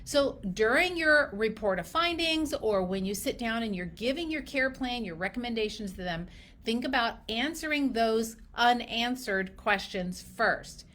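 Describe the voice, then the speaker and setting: A woman coaches clinicians on their practice, speaking straight to the listener. Her voice sits fairly high, and her delivery is emphatic and animated. She often drops into quick acted snippets of patient talk. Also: slight background noise. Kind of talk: direct-to-camera business coaching.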